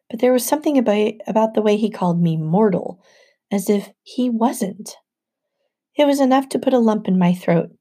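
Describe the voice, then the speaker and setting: Mellow woman narrating an audiobook. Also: mid-range voice, husky. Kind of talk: first-person audiobook narration.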